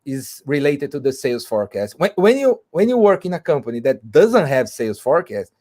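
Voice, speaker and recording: Halting man explaining. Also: medium pitch, sing-song, warm tone. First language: Portuguese. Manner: halting, with frequent restarts and fillers. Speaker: guest speaker. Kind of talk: explaining business English. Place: video call.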